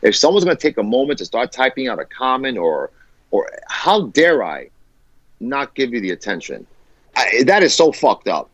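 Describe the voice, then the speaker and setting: Podcast guest, male, passionate and profane, lively pitch, muffled dry audio. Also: normal speed, no echo. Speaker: guest musician. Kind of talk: candid podcast conversation. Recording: dull lo-fi dry sound.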